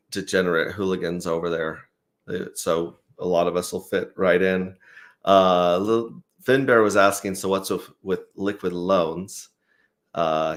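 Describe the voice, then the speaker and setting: A man hosting a casual livestream, reading viewer comments aloud in a relaxed way with lots of fillers. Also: sits low. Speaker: host.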